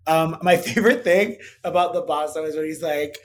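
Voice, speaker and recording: A man's voice: on the high side, normal speed, hardly any pauses. A man co-hosting a casual film podcast, talking animatedly and doing mocking impressions. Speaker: podcast co-host. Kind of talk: casual chat about films.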